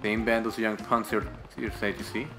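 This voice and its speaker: A man voicing a stoic, blunt tough guy in a low, clipped delivery. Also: flat delivery, normal speed, natural voice. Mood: calm. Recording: roomy echo, faint game music.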